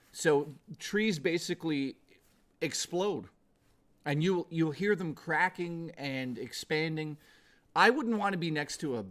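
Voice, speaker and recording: Animated, crude-joking male streamer. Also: on the high side. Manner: crude, profane joking, rambling. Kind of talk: casual livestream chat. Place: at home.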